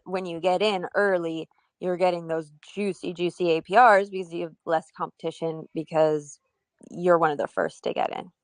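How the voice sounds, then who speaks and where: A woman co-hosting a casual online Q&A, reading out community questions and clarifying details in a clear, explanatory way. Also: lowish voice, no room sound. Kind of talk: casual livestream Q&A.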